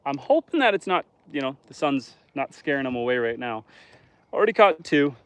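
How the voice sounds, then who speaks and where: Very animated and a little fast, a northern Canadian homesteader chats and jokes with viewers on a live stream while fishing outdoors beside a lake. His mid-range voice comes through clean in a dry recording.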